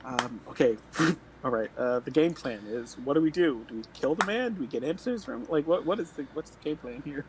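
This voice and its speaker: A man's voice: a little high, animated, brisk, noisy background. A man playing a tabletop game, chatting playfully and laughing often. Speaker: tabletop player. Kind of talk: casual game chat.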